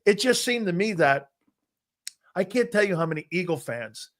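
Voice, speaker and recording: A man's voice: high-pitched, expressive, moderate pace. Older man hosting a sports talk show. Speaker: host. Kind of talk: casual chat.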